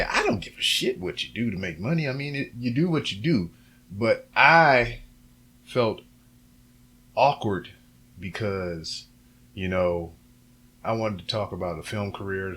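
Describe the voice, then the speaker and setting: A lower-voiced man rambles solo to a camera at home, hosting his podcast. He keeps it loose and profane, full of fillers and side trails. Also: a bit bright. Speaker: podcast host. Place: home recording setup with camera and computer. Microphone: camera and computer setup, a little off-axis at times.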